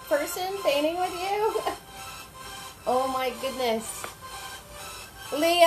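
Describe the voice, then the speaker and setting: Slow, chatty woman teaching a paint party. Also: high-pitched, rough recording. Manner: chatty, greets viewers by name. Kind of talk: live-stream painting class. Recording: faint music behind.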